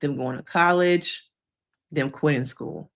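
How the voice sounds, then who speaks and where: A woman therapist giving casual reaction commentary to viewers, talking directly to them and acting out quotes in high voices. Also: slow pace, a bit bright. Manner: conversational, addresses viewers directly. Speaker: therapist reacting to a reality show.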